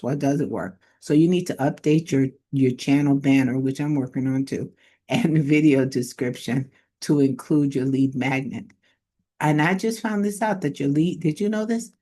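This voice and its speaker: Lady chatting thru her marketing tips, modest, kinda thinking out loud. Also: a bass voice. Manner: conversational, modest, thinks aloud. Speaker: online marketing coach. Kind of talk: casual tips talk to camera.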